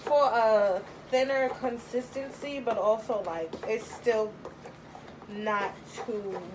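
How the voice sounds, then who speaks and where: A woman's voice: a little high, slow, noisy background. Chatty young woman cooking at home. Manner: chatty and rambling, thinks aloud with many fillers. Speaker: home cook vlogger. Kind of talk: casual cooking tutorial. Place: home kitchen.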